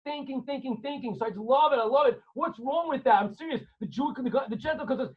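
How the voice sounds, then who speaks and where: Rabbi guy teaching an online class, jokey n theatrical, high husky voice, a bit muffled like a call. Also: quick pace, hardly any pauses. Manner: animated, theatrical, joking. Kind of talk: online class storytelling lesson. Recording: slightly dull online call audio.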